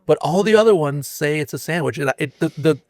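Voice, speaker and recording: A man's voice: a little high, expressive, a little mellow, no echo. Man hosting a podcast, dry close sound. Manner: playful, laughs often, halting restarts. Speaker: podcast host. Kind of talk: casual interview chat.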